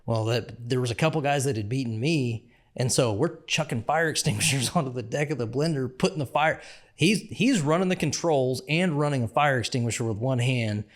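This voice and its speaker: A man's voice: medium pitch, fairly quick. A man co-hosting a casual podcast, telling a work story in a laid-back way. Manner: laid-back, easygoing, with fillers and restarts. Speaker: podcast co-host, former frac field worker.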